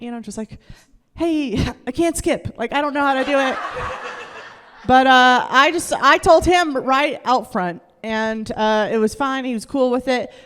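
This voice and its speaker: A woman's voice: medium pitch, clear, resonant tone, long reverb tail. A young woman comedian performing a stand-up set on a club stage into a handheld mic, rambling loosely, laughing, and acting out quotes.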